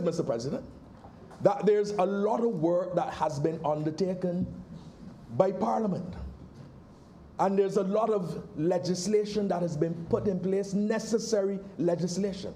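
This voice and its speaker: A Barbadian senator addresses the chamber in a slow, deliberate parliamentary speech. His tone is dark and mellow, and he leans into emphatic points. A faint hum of the room sits behind him. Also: sits high. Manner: measured, rising to emphatic.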